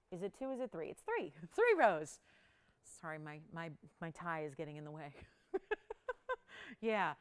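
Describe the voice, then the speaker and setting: A woman's voice: a little high, a bit bright, smooth. Upbeat woman selling jewelry live on air. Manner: upbeat, urgent and chatty, counting down prices. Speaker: home shopping host. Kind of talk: live home-shopping sales pitch.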